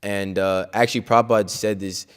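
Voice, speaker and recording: A man's voice: on the low side, fairly even intonation, a little fast, clear, resonant tone. A man speaking at a scripture class in a loose, conversational way, full of "like" and "you know", with emphatic, outspoken conviction. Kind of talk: informal religious talk.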